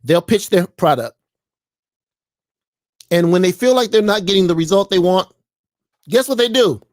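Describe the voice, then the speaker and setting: A commentary vlogger rants in an animated, preachy, mocking way, jumping between voices and often putting questions to the audience. The voice is medium-pitched at a moderate pace, captured in a dry, clean studio recording.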